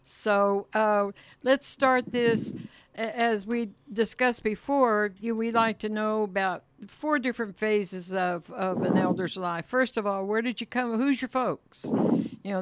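A woman's voice: mid-range voice, steady tone, measured pace, no echo. A woman co-hosting a radio show, asking an elder about her life in a friendly, conversational way. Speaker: radio co-host interviewing an elder. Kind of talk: radio interview.

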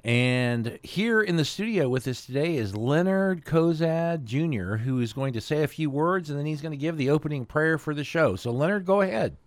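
A man's voice: on the high side, moderate pace, few pauses, no room sound. Male radio host in a studio, easygoing, hesitant delivery, dry close-miked sound. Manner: relaxed, hesitant with fillers. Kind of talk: casual radio announcing.

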